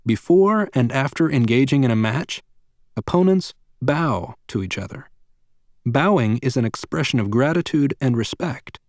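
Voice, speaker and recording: A man reads a parenting book aloud in a measured, earnest way, speaking directly to the listener. His pitch moves a lot across each sentence. The sound is dry, with no room echo. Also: animated, a little mellow. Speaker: audiobook narrator of a parenting book. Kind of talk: scripted nonfiction narration.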